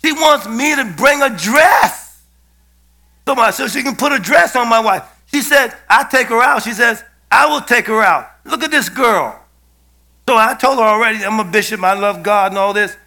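A man's voice: very high voice, normal speed, bright, forceful tone. A man, a bishop, preaching and telling a personal story to his congregation, asking them to fill in answers. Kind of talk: sermon with storytelling.

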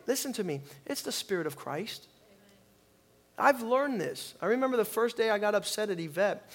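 A man preaching a sermon as pastor, calling on the congregation to repeat lines and swinging from quiet reflection to loud emphasis. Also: high voice, animated, moderate pace. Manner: preaching with call-and-response, swings from soft to loud.

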